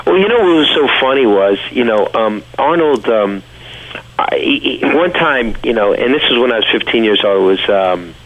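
A man's voice: mid-range voice, animated, moderate pace, phone-quality sound. A man with a New York accent, a guest telling stories in a casual interview. He rambles with fillers and restarts.

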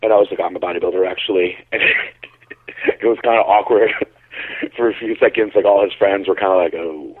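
A man from Connecticut, a bodybuilder, telling a story in a relaxed, rambling way on a call-in show, heard over a tinny phone line. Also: lowish voice, a little fast, a little hiss or hum. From Connecticut, USA. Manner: relaxed, rambling, lots of fillers. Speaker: bodybuilder and caller.

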